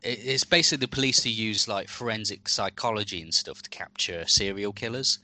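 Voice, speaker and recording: A man's voice: fairly low pitch, fairly quick, pushed and bright. A man co-hosting a comedy podcast, chiming in with chatty, explanatory asides. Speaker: podcast co-host. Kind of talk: casual chat.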